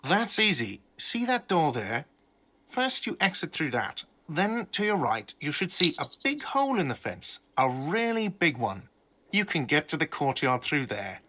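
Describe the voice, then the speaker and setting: A man's voice: a little high, sing-song, measured pace, bright, forceful tone, full character voice. An actor playing a testy male manager who answers in a sarcastic, curt way. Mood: irritable.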